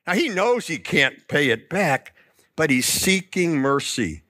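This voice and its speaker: A man preaching a sermon with a voice that swoops up and down as he tells the story. His pitch sits a little high for a man, and the sound is close and dry. He acts out the quoted lines with lively emphasis. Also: unhurried, dry recording. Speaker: pastor.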